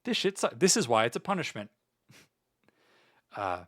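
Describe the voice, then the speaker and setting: A man's voice: medium pitch, very animated, moderate pace, a bit bright. A man chatting casually on a livestream as a VTuber, playful and mock-grandiose, swearing often. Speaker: VTuber streamer.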